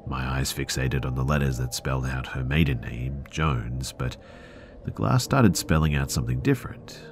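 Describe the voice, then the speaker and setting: A man narrating listener stories for a horror podcast in a measured, earnest storytelling way. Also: a bass voice, a little hiss or hum.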